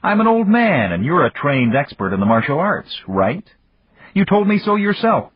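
A man voicing an older man who calmly taunts his armed foe, with a husky voice on a dull, dry recording. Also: fairly high pitch, moderate pace, no room sound, pitched above the performer's own voice. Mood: taunting. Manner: taunting, raised.

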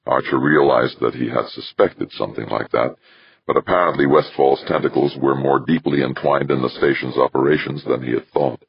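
A male narrator reading a story in a steady, measured way. His voice is extremely deep, husky and gravelly. The sound is dry and lo-fi. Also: no room sound. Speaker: audiobook narrator. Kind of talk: scripted narration. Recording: dull lo-fi recording.

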